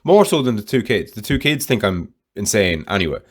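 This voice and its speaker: A man's voice: on the low side, big pitch swings, fairly quick, slightly rough. A man hosting a solo podcast, talking candidly in a rambling way and swearing freely. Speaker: podcast host.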